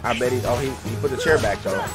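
A man in his late twenties giving casual let's play commentary, excitable and repeating himself while he plays. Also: medium pitch, fast talker. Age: 20s. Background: game music.

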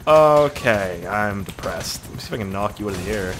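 An excitable male gamer narrating his own play in loose, off-the-cuff commentary, swinging his pitch all over as he yelps, swears and laughs. Faint gunfire from the game hums along underneath. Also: a little fast, hardly any pauses, background noise. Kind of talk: casual gameplay commentary.

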